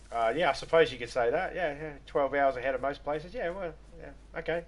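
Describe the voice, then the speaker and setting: A man's voice: on the high side, fairly quick, few pauses. An Australian man from Western Australia chatting casually on a live stream, rambling, joking and laughing often.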